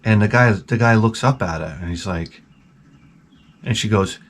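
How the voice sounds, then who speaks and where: A man's voice: on the low side, moderate pace, long pauses. A man hosting his own channel, telling a rambling, profane comic story and acting out the people in it. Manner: rambling, profane, with acted-out quotes. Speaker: channel host. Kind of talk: comedic storytelling rant.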